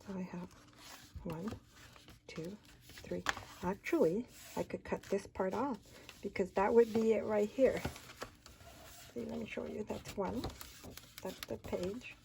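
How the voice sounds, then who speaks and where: Give me a slow, gravelly-voiced woman demonstrating a paper craft, chatting as she works. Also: mid-range voice, background noise. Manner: chatty, talks while working, counts folds aloud. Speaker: crafting tutorial host. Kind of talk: casual hands-on craft demonstration.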